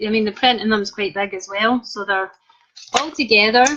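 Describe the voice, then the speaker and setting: A woman's voice: mid-range voice, fairly even intonation, moderate pace, a bit bright. A young woman author chatting in a cheeky, self-mocking way as she reads out viewer comments on a live video. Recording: dull lo-fi live stream audio.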